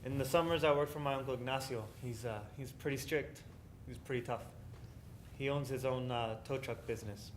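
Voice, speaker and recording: A man in his twenties from Mexico introducing himself in a calm, measured, slightly hesitant way. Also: mid-range voice, slight background noise. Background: acoustic guitar music.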